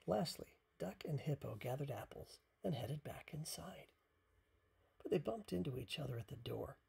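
A parent reading a picture book aloud at bedtime, softly and half-whispered. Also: mid-range voice, expressive, gravelly, husky. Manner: soft, half-whispered, unhurried.

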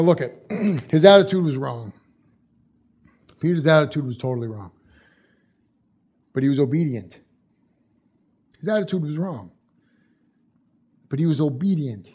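A man's voice: a little high, mellow. A male pastor preaching a sermon in a casual, conversational way, repeating phrases for emphasis.

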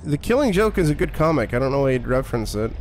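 A man's voice: mid-range voice, sing-song, fast talker, a little hiss or hum. A man streaming a horror game, commenting in a profane, sarcastic and irritated way. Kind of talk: live gameplay commentary.

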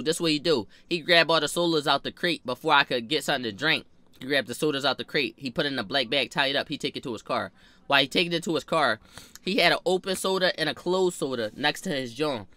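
A man telling a story casually, animated and full of slang, swearing and repeating lines for emphasis. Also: fairly high pitch, no echo.

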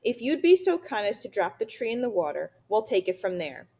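A woman voicing a practical, no-nonsense female beaver mother who speaks firmly and briskly in a storybook reading. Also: mid-range voice, very animated, warm tone. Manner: brisk, firm, sensible.

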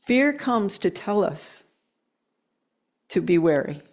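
A middle-aged woman giving an earnest, emotional sermon, slowing down to press her points and laughing at herself now and then. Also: mid-range voice, big pitch swings, a little mellow. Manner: earnest, emotional, with slow emphatic stretches and laughs. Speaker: guest speaker.

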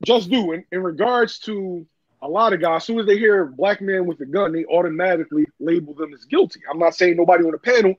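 On a podcast panel, a man argues heatedly, stuttering and swearing in agitation as he makes his points. He has a high voice and talks fast. The audio is dull and lo-fi with no echo.

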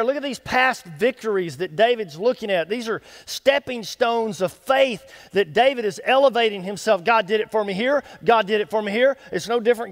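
A man with a fairly high voice preaches from the pulpit of a church sanctuary, and his words ring out with a long hall reverb. He tells the story in a lively, folksy way, jumps into the lines of the characters, and keeps calling out to the congregation. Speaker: associate pastor. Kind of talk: sermon.

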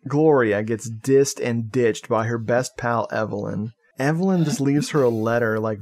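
A man's voice: mid-range voice, normal speed, hardly any pauses. Jokey, swearing male podcast host. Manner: profane, jokey, laughs often. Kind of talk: casual movie recap chat.

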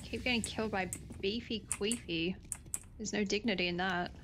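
A woman gamer trades teasing insults during play, casual and foul-mouthed. Her mid-pitched voice comes through with faint hiss and keyboard clicks behind. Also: steady tone, normal speed, a bit bright. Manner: teasing and profane. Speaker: gaming teammate. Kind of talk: casual gaming chat.

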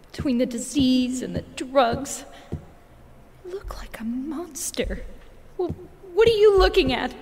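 A woman's voice: sits high, a little hiss or hum, full character voice. An actress voicing a bitter, desperate young woman dying in hospital, who lashes out and then begs, in a video game cutscene. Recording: game audio with long reverb.

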